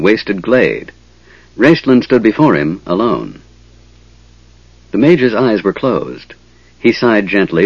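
A man narrating a fantasy audiobook in a measured, dramatic storytelling manner. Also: fairly low pitch, slightly rough, dry recording, dull audio.

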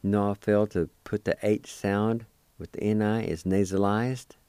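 A man with a low, mellow voice leads a radio language lesson. He spells each word out letter by letter and repeats every pronunciation slowly and patiently. The sound is smooth and dry, close to the mic. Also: fairly even intonation, dry recording. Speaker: radio language teacher and host. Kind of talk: spelling and pronouncing words for learners.

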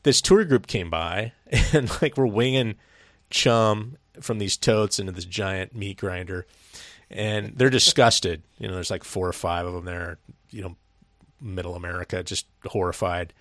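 A middle-aged man with a low-pitched voice rambles through a story in casual podcast chat. He swears freely and laughs often. The sound is dry and close, with no room echo. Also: measured pace, fairly bright tone. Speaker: podcast co-host.

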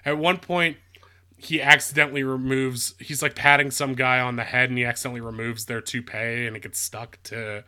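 A man co-hosting a casual movie podcast, talking in a loose, rambling way. His voice is very bright and forceful, at an ordinary pitch for a man. He jokes around and laughs easily. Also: little pitch movement, brisk. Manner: rambling, jokey, laughs often. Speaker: podcast co-host. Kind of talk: casual movie review chat.

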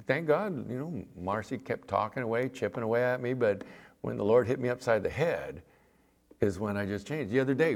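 A middle-aged man preaching a sermon, talking in a conversational, folksy way and telling stories from his own life. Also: medium pitch. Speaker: pastor.

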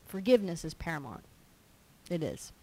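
A woman's voice: lowish voice, sing-song, normal speed, darkish tone, rough recording. A woman preaching a sermon, reading a scripture passage aloud and explaining it, sometimes acting out everyday complaints in character. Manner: reads scripture aloud then applies it, acting out quoted complainers.

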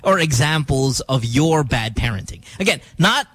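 A man's voice: medium pitch, lively intonation, normal speed, a bit bright, dry recording. A man in his thirties hosting a radio morning show from the studio, rambling casually and laughing at himself. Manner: rambling and self-mocking, chuckles often. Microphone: studio microphone.

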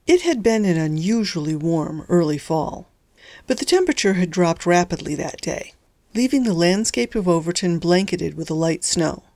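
A woman author narrating her own novella in a lively, lightly humorous storytelling manner. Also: fairly low pitch. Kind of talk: scripted narration of a serialized story.

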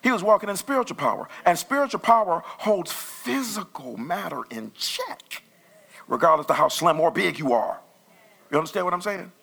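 Male pastor, conversational sermon, bright gravelly tone, lively swings in pitch. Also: normal speed. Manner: animated, conversational preaching with sudden loud bursts.

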